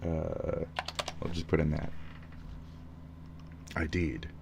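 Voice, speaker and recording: Streamer, male, very deep voice, rambling profane rant. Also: flat delivery, slow, gravelly, noisy background. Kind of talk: ranting live stream commentary.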